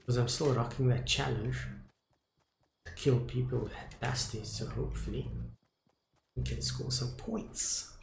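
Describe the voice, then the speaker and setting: A young South African man streaming a video game, talking casually to his viewers, muttering at times and loudly dismayed at others. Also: mid-range voice, fairly even intonation, a little slow, vocal fry, long pauses, roomy sound, a little hiss or hum. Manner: talks to viewers as "dudes" and "boys", swings from muttering to loud dismay. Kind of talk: casual live gameplay commentary.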